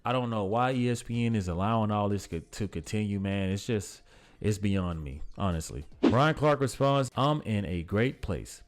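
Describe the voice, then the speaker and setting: Man, deeper voice, casual vlog commentary, blunt, exasperated. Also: animated, moderate pace. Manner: blunt and exasperated, often saying "bro". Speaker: sports commentary vlogger.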